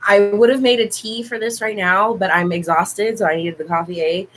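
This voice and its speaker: A hoarse young woman hosting a casual livestream, chatting warmly and fondly with her viewers. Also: mid-range voice, steady tone, moderate pace, a little hiss or hum, low-quality recording. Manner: chatty, affectionate toward viewers. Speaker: livestream host.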